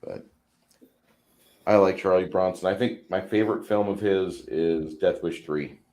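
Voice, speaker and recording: Very deep-voiced man chatting casually. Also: measured pace, darkish tone. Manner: rambling, stammers and repeats words. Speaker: stream host. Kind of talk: casual chat while painting miniatures. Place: home.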